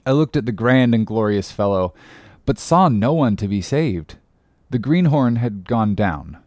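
Expressive male audiobook narrator, dry sound. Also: on the low side, unhurried, dry recording. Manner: expressive, rising with the action.

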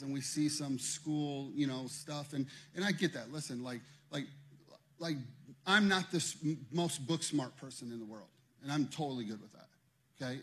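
A male pastor with a husky, mid-range voice delivers a sermon. He begins by telling a personal story conversationally, then builds up to loud, emphatic preaching.

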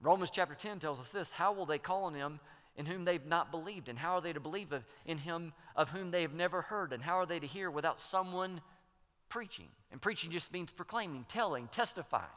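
A man's voice: a little high, lively intonation, brisk, fairly bright tone. A man preaching a sermon as pastor, emphatic, repeating key phrases and building to strong peaks. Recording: long hall reverb.

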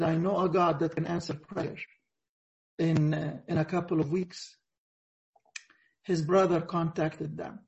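A man preaching a sermon over a video call, earnest and reflective, pausing often. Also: a little high, gravelly, darkish tone, highs cut off. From Egypt. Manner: earnest, reflective, halting with frequent pauses.

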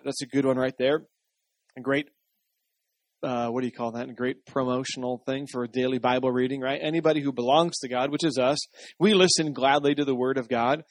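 A man's voice: mid-range voice, fairly even intonation, normal speed, no echo, clean studio sound. A man preaching a sermon in a conversational style, often checking in with the congregation. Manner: conversational, asks the congregation for responses. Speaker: pastor.

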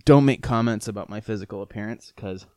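A man's voice: lowish voice, quick pace, darkish tone, no echo, clean studio sound. A man hosting his own podcast in a rambling, profane, self-mocking chat, struggling with the hiccups. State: has the hiccups. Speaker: podcast host. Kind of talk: casual solo podcast rant.

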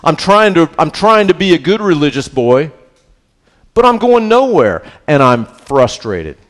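A man's voice: animated, normal speed, big-room sound. A pastor voicing a frustrated, complaining man who is going nowhere, in a raised, whining voice. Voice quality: high, loud and complaining. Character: whiny frustrated man wandering in circles.

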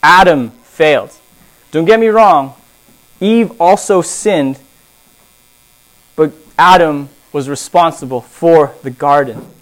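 A man preaching a sermon, telling stories in an animated way and swinging between loud emphasis and hushed asides. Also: fairly high pitch, slow, pauses often.

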